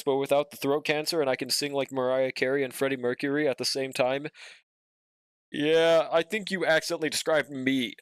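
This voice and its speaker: A man's voice: mid-range voice, clear, resonant tone, dry recording, clean studio sound. A man streaming live, chatting casually while he draws, joking and cursing, humming to himself between remarks. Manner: joking, profane, hums to himself.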